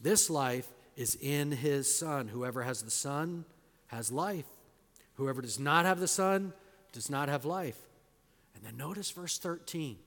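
A slow, deliberate male pastor with a slightly high voice, leaning hard on key words and then sinking to hushed, low phrase endings. His sermon rings through a hall with a long reverb tail. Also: animated. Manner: emphatic, swings between loud stresses and quiet low endings. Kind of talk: expository sermon.

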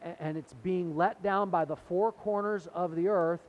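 A man's voice: high-pitched, fairly even intonation, moderate pace, narrow, tinny audio. A middle-aged man preaching a sermon in a conversational way, retelling scripture and acting out the quotes. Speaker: pastor.

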